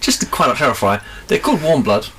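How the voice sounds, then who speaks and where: A man's voice: mid-range voice, very animated, a little fast, a bit bright, slightly rough. A man co-hosting a podcast, chatting casually and rambling through sweary comic tangents. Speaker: podcast co-host. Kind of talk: casual comedic chat.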